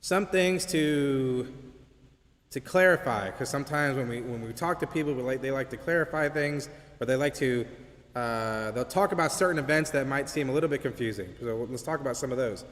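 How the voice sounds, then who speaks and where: A man teaches an apologetics class at a church, speaking conversationally and often checking in with "right?". His medium-pitched, fairly bright voice moves at normal speed, and the recording carries a long hall reverb.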